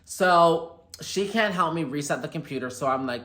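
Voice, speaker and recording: A young man chatting through a casual storytime vlog, animated and quick to quote people. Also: fairly high pitch. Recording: echoey room.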